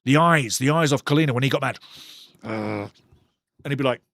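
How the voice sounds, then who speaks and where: Brisk and medium-pitched, this man hosts a live football watchalong, ranting passionately and chattily about refereeing calls. The recording is dry and studio quality.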